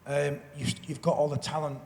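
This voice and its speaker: A man's voice: fairly high pitch, little pitch movement, brisk, a little mellow. A man speaking as a panel guest in a live stage conversation, rambling and restarting often, repeating his words. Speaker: panel guest, former rugby league player. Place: festival stage in a hall. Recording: long hall reverb.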